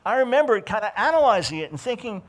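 An older man telling a personal story and preaching with animated emphasis. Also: high voice, fast. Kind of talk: testimony sermon.

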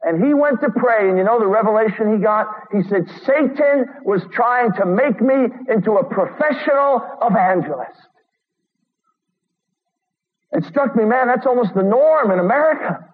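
A man with a very high voice preaches an earnest, urgent sermon. He reads quotes aloud and slips in sarcastic asides. The sound is a thin, phone-like radio broadcast with long hall reverb. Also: lively intonation, normal speed.

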